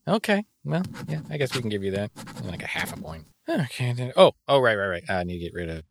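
A young man in casual comedic role-play, teasing and deadpan, running the challenges like a game master. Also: medium pitch, quick pace, gravelly, slight background noise.

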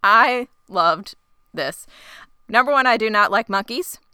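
A woman co-hosting a podcast, casually retelling a TV episode with laughs and lively asides. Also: fairly high pitch, unhurried, clean tone, no echo, clean studio sound. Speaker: podcast co-host recapping a TV show. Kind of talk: casual chat recap.

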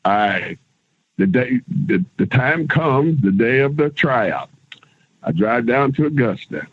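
A husky middle-aged man spins lively road stories, slipping into other people's voices and swearing casually. The sound is dry and close. It comes through a tinny, phone-like line. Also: medium pitch, takes it slowly, no echo. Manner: animated storyteller, acts out others' lines, casual swearing. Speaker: guest, former pro wrestler. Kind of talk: casual storytelling interview.

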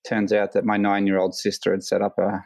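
An Australian man, a hang glider pilot, telling a story as a guest in a casual interview, full of fillers and lively quoted voices. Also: fairly low pitch, brisk, creaky, dry recording, low-quality recording. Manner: rambling, many fillers, animated quoting.

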